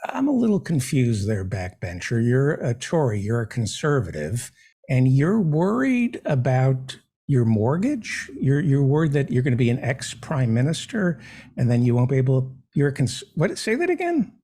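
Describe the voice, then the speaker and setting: A man hosting a comedy show, delivering a sarcastic, deadpan satirical monologue. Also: mid-range voice, normal speed, husky. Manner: sarcastic, deadpan jokes with mock questions.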